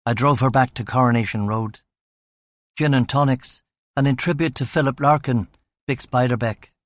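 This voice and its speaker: A man's voice: medium pitch, normal speed, dry recording. A man narrating a crime novel in the first person, with a dry, wry delivery. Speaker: audiobook narrator.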